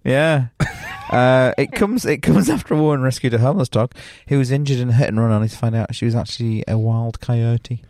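A man's voice: mid-range voice, a little fast, hardly any pauses, darkish tone, no room sound, studio quality. A young man co-hosting a casual podcast, reading out odd news stories, laughing often and swearing freely. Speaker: podcast co-host.

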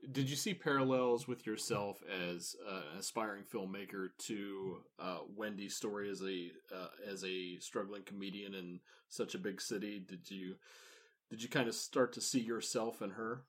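A male interviewer with a somewhat low voice asks long, careful questions. He gathers his words with small "uh" pauses as he goes. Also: fairly even intonation. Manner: measured, searching questions with "uh" pauses.

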